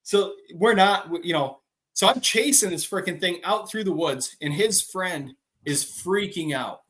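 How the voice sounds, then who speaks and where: A man's voice: high voice, animated, unhurried, a bit bright. A man co-hosting a casual farm podcast, telling a story animatedly and acting out quotes. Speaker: podcast co-host.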